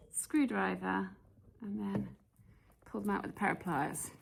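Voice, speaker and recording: A DIY vlogger in a cluttered workshop talks through a do-it-yourself how-to while she works, thinking aloud and muttering to herself. Her mid-range voice is animated, gravelly, and a little slow, with background noise in the recording.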